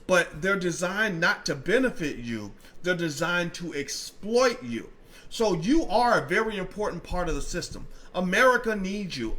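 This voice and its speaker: A middle-aged man talking straight to his viewers in blunt, profane commentary. His voice is high and bright for a man, and it swings widely in pitch as he plays out both sides of arguments. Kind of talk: direct-to-camera political commentary.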